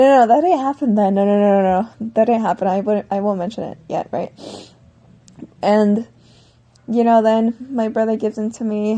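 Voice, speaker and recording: A woman's voice: mid-range voice, dark tone, lo-fi sound. A woman vlogger telling a long personal story in a casual, rambling way, often correcting herself mid-sentence.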